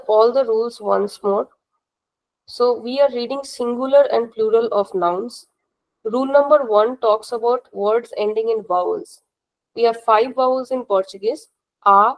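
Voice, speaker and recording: A woman teaches an online class in a slightly raised voice. She is patient and methodical, going over each rule again and asking students whether it is clear. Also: a little high, a little mellow, rough recording. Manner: patient, repeats rules and checks understanding. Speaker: language teacher. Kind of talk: live online class instruction.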